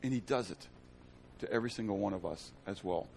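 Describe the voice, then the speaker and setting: A middle-aged man preaching a sermon, asking his congregation questions, swinging between loud emphasis and hushed tones. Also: lowish voice, a little fast, creaky, slight background noise. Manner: asks the congregation fill-in-the-blank questions. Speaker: pastor.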